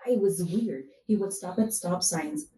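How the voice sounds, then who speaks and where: Lower-voiced woman in an echoey room. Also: unhurried. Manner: animated storyteller, acts out quotes. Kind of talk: candid casual chat. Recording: echoey room with faint background hum.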